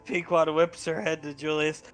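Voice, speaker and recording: A man narrating as game master of a tabletop role-play on a live stream, animated and laughing easily. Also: a little high, moderate pace, soft background music.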